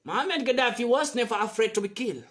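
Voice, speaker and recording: A man's voice: very high voice, lively intonation, quick pace, fairly bright tone. A man delivering an impassioned, repetitive monologue as an activist commentator, from West Africa. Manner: fiery, repetitive, preaching.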